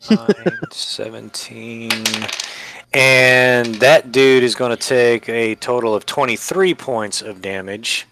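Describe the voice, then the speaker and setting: A man playing a tabletop game, calmly announcing his moves and counting up his damage. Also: mid-range voice, slow, a little hiss or hum. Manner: relaxed, counts dice rolls out loud. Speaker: player. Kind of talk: casual tabletop play.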